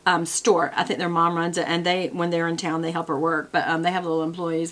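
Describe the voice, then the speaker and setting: A woman's voice: on the low side, fairly even intonation, brisk, a bit bright. A woman, talking casually to camera from her desk as a product vlogger, chatty and wandering off on tangents.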